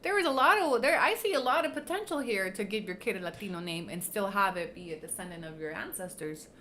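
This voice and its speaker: A woman's voice: mid-range voice, animated, fast talker, a bit bright, a little hiss or hum. A woman livestreaming in casual chat, blunt and profane, teasing and laughing often, slipping into Spanish phrases.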